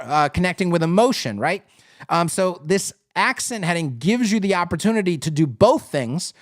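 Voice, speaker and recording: A man gives a live critique of a website, thinking aloud with casual fillers and quick restarts. His voice is smooth and clear, pitched a little high. The sound is dry and close, with no room echo. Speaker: web design instructor.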